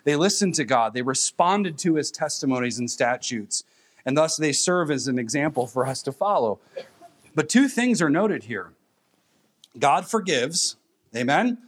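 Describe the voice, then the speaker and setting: A man's voice: on the high side, expressive, husky. Man preaching an emphatic sermon. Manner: emphatic preaching with pauses and repeated phrases. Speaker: pastor.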